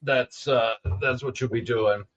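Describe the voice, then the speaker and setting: A man's voice: medium pitch, fairly even intonation, a little slow, lo-fi sound. A man hosting an interview, joking loosely and filling his questions with "you know". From the American South. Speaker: podcast host. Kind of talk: casual interview chat.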